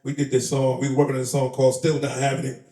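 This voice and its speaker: Speaking in a medium-pitched, mellow monotone at rapid-fire speed, a man from the Bronx, New York, who raps and does comedy, guests on a casual interview. He laughs through animated, streetwise stories and imitates the people in them. It's a live event in a shop, recorded with a roomy sound and some distance from the mic.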